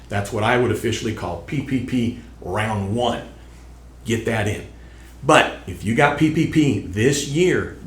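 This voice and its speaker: A middle-aged man hosting a tax channel, talking straight to viewers in an emphatic way that repeats his points, while still getting over an illness. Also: mid-range voice. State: recovering from illness. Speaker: tax educator and channel host. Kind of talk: casual direct-to-camera talk. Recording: echoey room.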